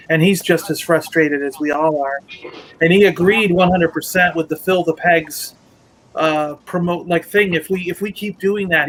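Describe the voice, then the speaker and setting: A man's voice: a little high, a bit bright, slight background noise, poor audio. A man co-hosting a casual toy-collecting livestream, telling a long story in a rambling way, restarting and acting out what others said. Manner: rambling, retells conversations with restarts. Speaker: Lego merchandising rep.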